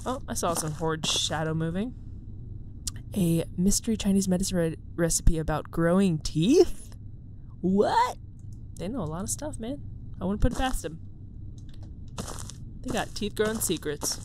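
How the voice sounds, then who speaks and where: A woman's voice: lowish voice, expressive, moderate pace, long pauses, background noise. A young woman hosting a horror game let's-play, jumpy and swearing, who keeps dropping into a whisper and laughs nervously. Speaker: gaming video host. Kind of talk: casual let's-play commentary.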